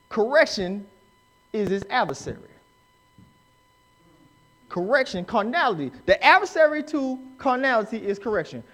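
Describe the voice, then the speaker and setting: A man preaching a live sermon in church, emphatic and rising to shouts as he acts out the people he quotes. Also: very high-pitched. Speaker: pastor. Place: church sanctuary.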